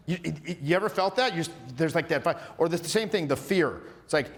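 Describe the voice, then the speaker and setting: A man in his forties lectures on social skills to a room, animated and loose, dropping the odd swear. His voice sits a bit high for a man, and a long hall reverb trails after it. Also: fast talker, few pauses. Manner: animated, acts out little dialogues, casual swearing. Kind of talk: workshop lecture.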